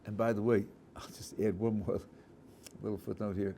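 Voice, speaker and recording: A man's voice: on the low side, normal speed, vocal fry, a little hiss or hum. A man, a rabbi, teaching a class on religious texts and acting out vivid examples as he goes, often restarting his sentences. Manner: animated storyteller, acting out scenes, with frequent restarts. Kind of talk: Torah lecture with acted-out examples.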